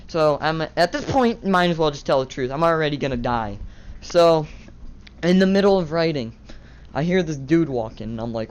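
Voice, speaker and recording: A man's voice: a little high, normal speed, long pauses, smooth. A teenage boy vlogger tells a casual, rambling story, swearing and laughing at himself.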